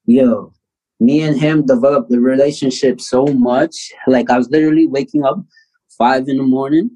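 Lively man telling a story. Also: medium pitch, normal speed, poor audio. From Canada. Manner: animated storyteller, acts out quoted voices loudly. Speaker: guest, basketball player. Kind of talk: casual storytelling interview.

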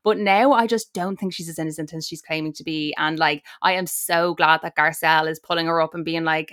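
A woman's voice: low voice, fairly even intonation, a little fast, hardly any pauses, fairly bright tone, no room sound, clean studio sound. An Irish woman in a casual podcast chat, opinionated and chatty, full of "like" fillers. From Ireland.

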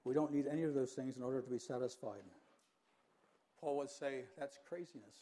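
An older man preaching a sermon in an earnest, measured way, pausing for emphasis. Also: mid-range voice, steady tone, warm tone. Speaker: pastor.

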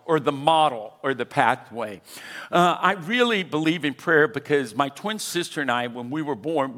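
A man in his sixties preaches with a somewhat high voice, pressing his congregation to join in. His words ring out with a long reverb from a large church sanctuary. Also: fairly bright tone. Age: 60s. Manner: emphatic, urging the congregation to respond. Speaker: pastor. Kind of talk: sermon.

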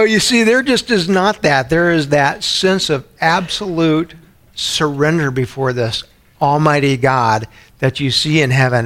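A pastor preaching a sermon, emphatic, building to loud repeated points, then dropping quiet. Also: male voice, mid-range voice.

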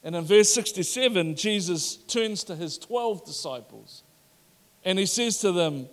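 A man preaching a sermon, animated and acting out the voices of the crowd. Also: high voice, unhurried. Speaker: pastor. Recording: long hall reverb.

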